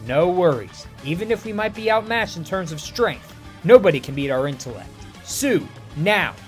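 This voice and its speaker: Calm, reasoning hero-leader with a high, lively voice, from a male narrator. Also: soft background music. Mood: urgent. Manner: measured, reasoning. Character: calm, clever team leader man.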